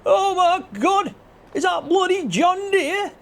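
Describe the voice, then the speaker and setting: A man voicing a hot-tempered farmer with a strained, raspy voice who rants and threatens. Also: very high voice, slow pace, pitched above the performer's own voice, full character voice. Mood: outraged. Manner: ranting, threatening, yelling. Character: furious shouting male farmer, hot-tempered. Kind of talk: game video character voice.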